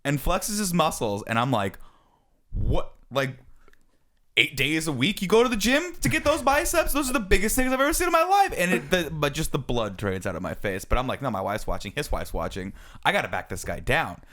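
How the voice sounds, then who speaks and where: A man's voice: a little high, big pitch swings, fairly quick, fairly bright tone. A man in his thirties, a podcast co-host, telling a self-mocking story in casual chat. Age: 30s.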